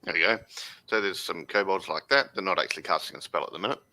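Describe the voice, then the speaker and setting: Gravelly-voiced man running a tabletop game. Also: sits low, fast, sharp tone. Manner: loose, rambling narration with fillers. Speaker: game master.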